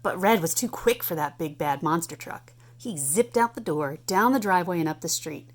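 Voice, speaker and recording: A woman in her thirties reading a picture book aloud at home to a child, animated and playful. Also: on the low side, moderate pace. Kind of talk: storybook read-aloud.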